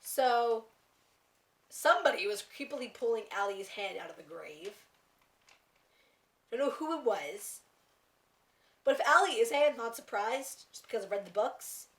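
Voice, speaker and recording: Young woman vlogger, high bright voice, gushy and giggly, casual fan chatter. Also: unhurried, long pauses, roomy sound. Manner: excited, gushing, laughs a lot. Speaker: TV review vlogger. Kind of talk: casual chat.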